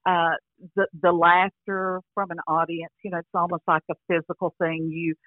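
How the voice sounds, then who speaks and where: An older actress chatting casually as an interview guest over a phone line, rambling with restarts and frequent "you know". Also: female voice, lowish voice, level tone, normal speed, no room sound. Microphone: phone call.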